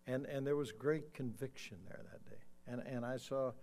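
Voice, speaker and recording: An older man delivers a sermon in a church. He tells a personal story in a conversational way, then builds to loud, forceful emphasis before leading a quiet prayer. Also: mid-range voice, steady tone, moderate pace. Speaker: preacher. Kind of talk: sermon with altar call. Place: church sanctuary.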